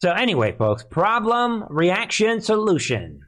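A man's voice: medium pitch, expressive, measured pace. A man hosting a live political commentary stream, talking in a sarcastic, scoffing way.

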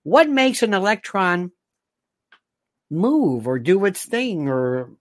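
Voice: medium pitch, sing-song, takes it slowly, dry recording, studio quality. A host from the United States giving an opinionated monologue and reading out viewer comments, ranting and sarcastic, full of insults and rhetorical questions.

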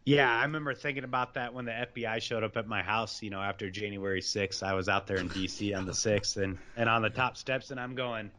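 A man talking as a guest, telling a story in a heated, animated way with casual slang. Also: lowish voice, fairly quick, few pauses, slight background noise. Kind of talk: casual conversation.

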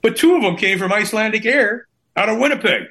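Man from Canada, middle-aged, guest author on a livestream; bright tone, rambling storyteller who repeats himself. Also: high-pitched, expressive, fast. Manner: rambling, repeats words and restarts.

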